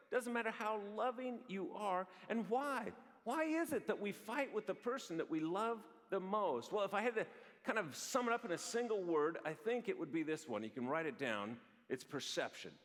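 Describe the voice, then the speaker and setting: A man, a psychologist, giving a storytelling conference talk in a large hall and acting out the lines he quotes. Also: high-pitched. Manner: animated, acts out quoted lines. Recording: long hall reverb from a big venue.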